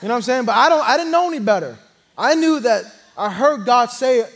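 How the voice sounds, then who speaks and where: An earnest young man preaching his own testimony from the pulpit. His voice sits high for a man, and he tells the story plainly before building louder at the turning points. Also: expressive, fairly quick. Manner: earnest, storytelling, swells louder at key moments. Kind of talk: sermon testimony.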